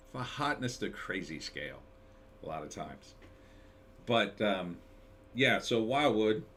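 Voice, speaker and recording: A man's voice: sits low, fairly bright tone, a little hiss or hum. A middle-aged man from New Jersey hosting a live stream, chatting casually in a rambling way with many fillers and restarts while reading chat comments.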